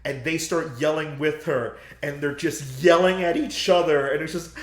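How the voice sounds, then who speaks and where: Animated, profane young man retelling a movie. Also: fairly high pitch, moderate pace, echoey room. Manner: animated, profane storytelling with loud acted-out screams. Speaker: podcast co-host. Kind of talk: casual chat, retelling a movie plot.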